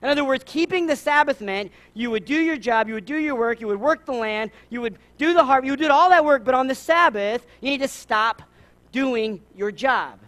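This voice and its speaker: A man with a Southern US accent preaching a sermon, lively, acting out the people in his stories. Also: very high voice, a little fast. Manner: animated, acts out voices in his stories. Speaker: pastor.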